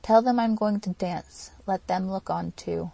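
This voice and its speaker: Overwrought young woman pleading, read by a woman, gravelly, mellow tone, audiobook. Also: mid-range voice, a little slow, no echo, rough recording. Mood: excited. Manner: emotional, pleading delivery.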